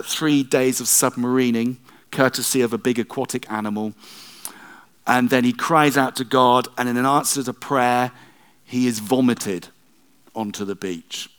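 A man preaching a sermon, retelling the story in a conversational way with wry asides and swings between loud emphasis and hushed moments. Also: mid-range voice, smooth.

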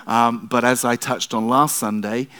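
Man, middle-aged, pastor, relaxed sermon, wry asides, medium pitch. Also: a little slow, smooth. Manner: conversational, self-deprecating asides.

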